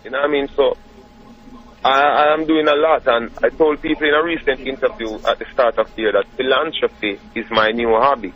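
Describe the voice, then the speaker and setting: A Jamaican dancehall artist talking casually as an interview guest, relaxed and often asking "you know what I mean". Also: male voice, mid-range voice, fairly quick. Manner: laid-back, says "you know what I mean" a lot. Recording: dull lo-fi radio recording.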